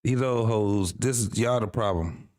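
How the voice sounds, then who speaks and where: A man's voice: fairly low pitch, a little slow, a little mellow, no room sound, studio quality. Exasperated, profane man ranting. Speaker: podcast host reacting to clips. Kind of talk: profane reaction commentary.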